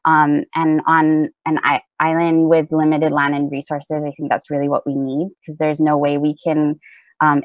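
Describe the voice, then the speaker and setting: A woman with a low voice gives an earnest, prepared talk over a video call. Her delivery is dotted with ums, and the sound is dry and close. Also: no room sound. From Hawaii. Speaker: panelist. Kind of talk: prepared talk at an online teach-in.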